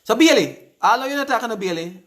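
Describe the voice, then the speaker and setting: A man's voice: very high voice, lively intonation, fast talker, fairly bright tone. A Jamaican man hosting a live stream, chatting casually and reading out viewers' comments, often repeating his words. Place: indoors on live video.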